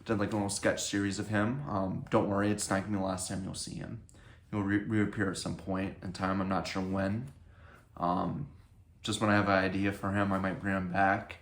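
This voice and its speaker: A young man telling a rambling, excitable story about his own life in a casual vlog. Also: low voice, brisk. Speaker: comedy video creator. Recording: echoey room.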